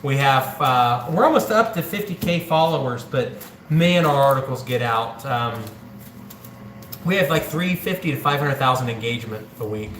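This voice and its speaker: A livestreaming channel host from central Ohio, USA, chats and jokes while counting money aloud in a casual stream. His mid-range voice is expressive, fairly bright and moderately paced, recorded in an echoey room with faint ambience and a little hiss or hum.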